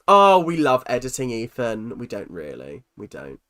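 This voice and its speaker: Young dude reading chat on a livestream, jokey and self-mocking, says um a lot. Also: male voice, medium pitch, huge pitch swings, a bit bright. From London. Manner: teasing, self-mocking, quick jokes with frequent ums. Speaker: livestream host.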